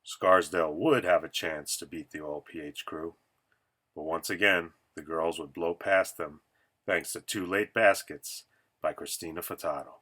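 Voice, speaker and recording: A man narrating a sports documentary from a script in a measured recap style. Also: low voice, pushed and bright.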